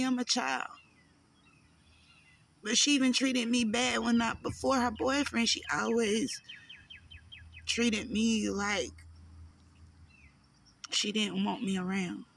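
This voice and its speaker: Woman, gravelly, halting personal storytelling, emotional, pauses often. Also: fairly high pitch, fairly even intonation, fairly bright tone. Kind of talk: personal life story told to camera.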